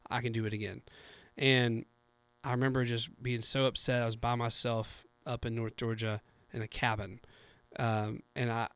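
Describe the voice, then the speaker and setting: A man's voice: medium pitch, little pitch movement, normal speed, fairly bright tone, smooth, dry recording. Young male podcast co-host, earnest and rambling, clean close sound. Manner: earnest, filler-heavy storytelling. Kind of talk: casual faith conversation.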